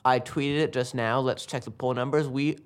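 A man's voice: medium pitch, fairly even intonation, moderate pace, smooth. A man co-hosting a casual soccer podcast, talking in an enthusiastic, rambling way with frequent restarts. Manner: enthusiastic, rambling, self-correcting. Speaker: podcast co-host. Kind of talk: casual sports chat.

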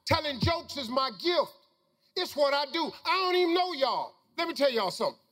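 Middle-aged male speaker, very high pitch, folksy preacher-style storytelling to an audience. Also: animated, normal speed, bright, forceful tone, big-room sound. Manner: folksy, preacher-like storytelling with Southern Black vernacular. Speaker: motivational speaker. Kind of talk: storytelling talk to a live audience.

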